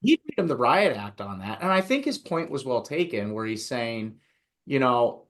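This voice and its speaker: A man's voice: mid-range voice, very animated, moderate pace. A male podcast host who asks questions and tells stories in a casual, rambling way. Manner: conversational, storytelling, many fillers.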